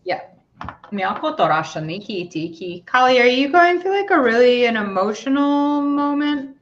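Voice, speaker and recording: A middle-aged woman hosting a livestream, leading a guided meditation and giving tarot readings in a gentle, casual, rambling way over a video call. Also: high voice, lively intonation, moderate pace, noisy background. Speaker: spiritual reader and stream host. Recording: dull lo-fi stream audio.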